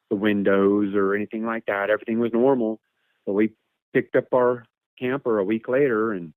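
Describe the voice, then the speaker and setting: A man's voice: lowish voice, no room sound. A man telling a long personal story in a casual, rambling way, repeating words and imitating animal calls, over a phone line. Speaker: guest telling an encounter story. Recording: tinny phone line, dry.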